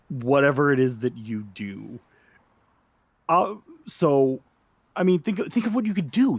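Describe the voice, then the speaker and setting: A jittery male schemer who stumbles over his words and backpedals constantly, as a game master puts him on. His pitch shoots up high when he gets excited. The sound is dry and close. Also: no echo, lightly acted. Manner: stammering, rambling, backpedaling. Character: nervous adult man, a scheming drug inventor.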